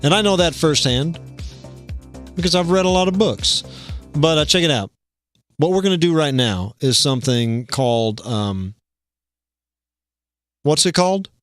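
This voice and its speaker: A man hosting a livestream comedy show, rambling and deadpan, contradicting himself as he goes. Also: a little high, unhurried, long pauses, no room sound, soft background music.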